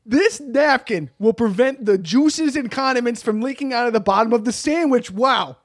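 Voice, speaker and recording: A man's voice: extremely high pitch, moderate pace, no room sound, studio quality. A young man co-hosting a casual comedy podcast, reading instructions aloud in a mock-serious way and laughing often. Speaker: podcast co-host.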